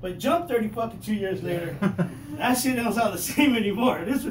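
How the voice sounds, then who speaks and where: Man, 50s, high-pitched, profane stand-up comic, roomy distant recording. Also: normal speed. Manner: profane, loud, animated storytelling. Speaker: stand-up comedian. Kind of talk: stand-up comedy set. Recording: echoey room, mic heard from a distance, noisy.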